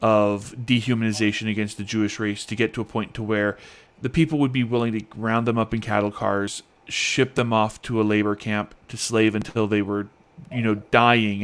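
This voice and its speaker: A man with a somewhat low voice co-hosting a casual podcast discussion. He speaks earnestly, stopping and restarting as he works toward his point. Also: little pitch movement, fairly bright tone. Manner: earnest, halting, searching for words. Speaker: podcast co-host.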